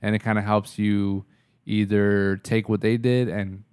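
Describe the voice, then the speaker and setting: A man's voice: fairly low pitch, flat delivery, unhurried, a little mellow, clean tone, no room sound. A man co-hosting a podcast in laid-back, profane casual chat, often trailing off and restarting. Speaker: podcast co-host.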